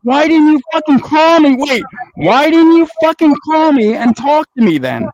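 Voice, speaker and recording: High-voiced man, angry and cursing. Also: sing-song, normal speed, a little mellow, dry recording, highs cut off. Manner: angry, profane, lecturing. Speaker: network owner. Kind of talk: heated on-air argument.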